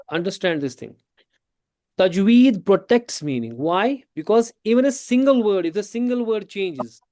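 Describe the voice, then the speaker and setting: A man's voice: sits high, darkish tone, no room sound, studio quality. Man teaching a class, switching into Hindi. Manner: explains slowly with repeated questions, mixing English with Hindi. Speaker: tajweed teacher. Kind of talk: classroom lesson.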